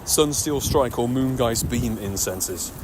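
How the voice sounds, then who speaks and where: A man talks nonstop as he walks city streets on a live stream, narrating each find with excitable, chatty energy. His voice sits at an ordinary middle pitch. Loud traffic and street noise surround him throughout. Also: takes it slowly. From United Kingdom. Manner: chatty, excitable running commentary, talking nonstop like a radio DJ. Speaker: streamer playing a mobile game. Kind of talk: live-stream commentary while walking.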